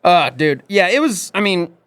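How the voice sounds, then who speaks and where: A man's voice: high-pitched, very animated, normal speed, a bit bright, clean tone, dry recording. A man hosting a podcast, chatting crudely and laughing as he acts out quoted lines. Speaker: podcast host. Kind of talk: crude casual chat.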